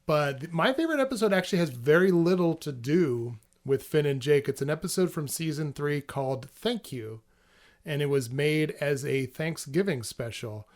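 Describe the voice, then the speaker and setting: A man co-hosting a podcast in casual chat, animated and retelling scenes with quick character voices. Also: fairly high pitch. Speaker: podcast co-host.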